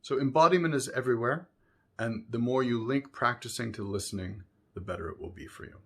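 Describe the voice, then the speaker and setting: A man giving a spoken music lesson, explaining calmly between sung examples, with violin playing behind him. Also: mid-range voice. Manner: unhurried, explanatory, breaks into singing syllables. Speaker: music teacher.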